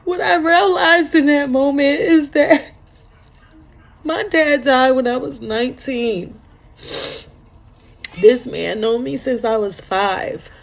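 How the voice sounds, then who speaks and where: A woman in her thirties telling a personal story in a vlog, halting and tearful, repeating her words as she cries at times. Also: high voice, vocal fry. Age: 30s. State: crying at times. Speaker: vlogger.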